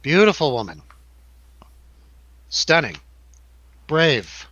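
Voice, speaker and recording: A man with a bright, forceful voice hosts a loose film review chat, laughing easily as he jokes. The sound is dry and close, with a slightly dull, lo-fi tone. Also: on the high side, big pitch swings, drawn-out words, no echo. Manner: laughs often, loose and joking. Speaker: radio show host.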